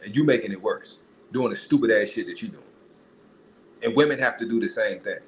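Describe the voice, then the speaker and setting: A man hosting a podcast, ranting in a profane, animated way and putting on mocking voices. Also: lowish voice, fairly quick, slight background noise, low-quality recording. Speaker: podcast host. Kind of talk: casual monologue.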